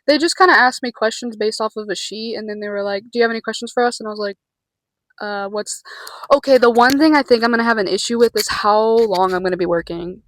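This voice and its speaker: A woman's voice: on the high side, fast, fairly bright tone, dry recording, low-quality recording. A young woman chatting casually in a vlog, nervous and rambling, with casual swearing. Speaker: vlogger.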